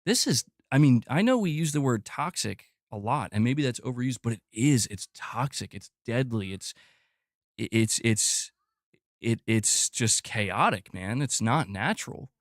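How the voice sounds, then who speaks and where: A man hosting a gaming channel livestream, ranting in an exasperated, profane way that repeats itself and climbs in pitch as he gets worked up. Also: animated, unhurried, no echo, studio quality. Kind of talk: livestream rant reading chat.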